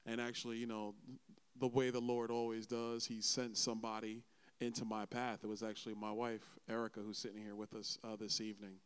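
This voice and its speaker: A man's voice: on the low side, level tone, a little fast, clean tone. A man in his forties hosting a church event, telling his personal testimony in a conversational way and acting out the voices of people he quotes. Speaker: event host and interviewer.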